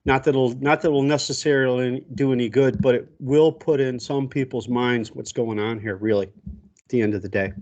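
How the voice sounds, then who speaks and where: A man's voice: mid-range voice, fairly even intonation, normal speed, a little mellow, lo-fi sound. A man co-hosting a casual political chat, blunt and indignant, cursing freely. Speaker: co-host.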